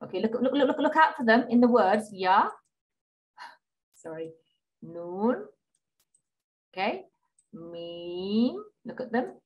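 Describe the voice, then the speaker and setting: A woman's voice: fairly high pitch, big pitch swings, highs cut off. Patient woman teaching Qur'an reading. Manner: patient, repeats and checks with "okay?"; models Arabic sounds slowly, drawn out. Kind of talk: online class lesson.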